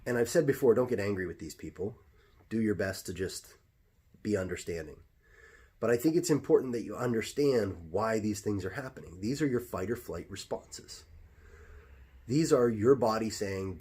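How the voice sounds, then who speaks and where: A man's voice: on the low side, lively intonation, normal speed, dark tone, slightly rough. An American man, a jiu-jitsu instructor, talking through life advice in a reflective, conversational way with frequent restarts. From United States. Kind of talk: casual advice talk.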